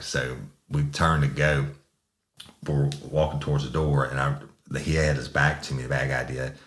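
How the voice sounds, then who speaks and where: A man's voice: extremely low pitch, little pitch movement, moderate pace, a bit bright. A middle-aged man, a former police sergeant, recounting a case in a profane, laid-back way.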